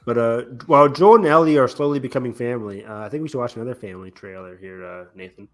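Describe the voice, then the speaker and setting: A man co-hosting a casual pop-culture podcast, talking excitedly and laughing often. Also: mid-range voice, quick pace. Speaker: podcast co-host. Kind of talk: casual chat reacting to a trailer. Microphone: remote call setup.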